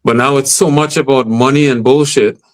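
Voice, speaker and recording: A man's voice: medium pitch, fairly even intonation, moderate pace. Emphatic man in casual talk. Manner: emphatic, leans on "you know what I mean" and "right?". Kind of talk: casual podcast chat.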